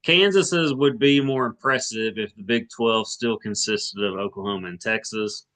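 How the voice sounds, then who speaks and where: Low, bright-toned rambling man. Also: moderate pace. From Arkansas. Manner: rambling, many restarts and hedges. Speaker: sports podcast co-host. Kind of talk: casual sports chat.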